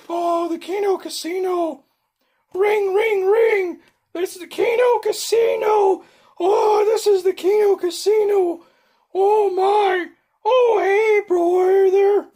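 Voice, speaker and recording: A man's voice: very high voice, warm tone, voice pushed up. A man doing an impression of a wheezing, wailing male casino streamer on his livestream. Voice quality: shrieking, wailing.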